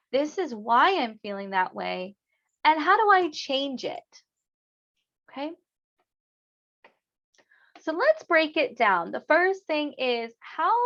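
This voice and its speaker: Slow, high-voiced woman teacher. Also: muffled recording. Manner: expressive, acting out feelings for students. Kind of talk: classroom lesson on emotions.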